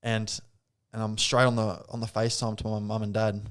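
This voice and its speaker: Animated young Australian man telling a story. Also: on the low side, a little fast. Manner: animated storyteller, laughing, acting out quotes. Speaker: podcast guest. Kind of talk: casual storytelling.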